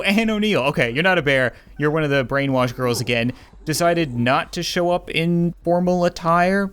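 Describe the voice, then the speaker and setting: A young man giving comedic, excitable commentary on a life-sim game, often laughing and exclaiming. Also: sits high, smooth. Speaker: gaming YouTuber.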